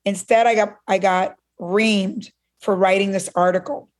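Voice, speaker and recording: A woman's voice: medium pitch, a little slow. A woman from Cuba telling a story as a guest in a conversation, acting out the voices she quotes. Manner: animated, acts out quoted voices.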